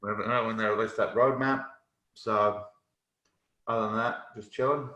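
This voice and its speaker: A man's voice: on the low side, fairly even intonation, moderate pace, pushed and bright, roomy sound, lo-fi sound. A man with an Australian accent, co-hosting a podcast in easygoing, slangy, joking casual chat. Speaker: podcast co-host.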